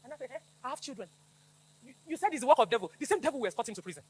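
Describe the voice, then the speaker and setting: A woman's voice: sits high, sing-song, very fast, darkish tone, slightly rough. A middle-aged woman with a Nigerian accent, a police officer giving an emphatic call-and-response talk to schoolchildren. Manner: emphatic, preachy, repeats slogans for the crowd to echo.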